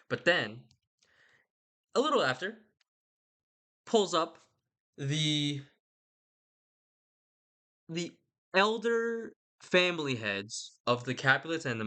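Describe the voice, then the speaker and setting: A man's voice: on the high side, pushed and bright. A young man giving a rambling, casual retelling of a story, irreverent and slangy, swearing and interrupting himself. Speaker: channel host.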